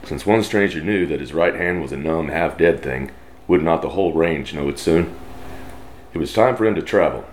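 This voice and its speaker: Deep texan guy reading a cowboy story, slow drawl, bit of background hiss. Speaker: story reader. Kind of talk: reading a western story aloud.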